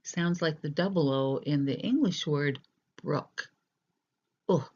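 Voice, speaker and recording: A teacher giving a recorded language lesson, explaining slowly and deliberately with hesitant fillers, in a dull lo-fi recording. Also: mid-range voice, darkish tone.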